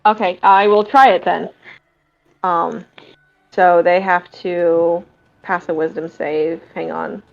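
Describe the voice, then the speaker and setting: A woman's voice: lowish voice, steady tone, slow pace, creaky, highs cut off. A woman playing a tabletop game who talks hesitantly and often restarts her sentences. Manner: hesitant, restarts mid-thought. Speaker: player.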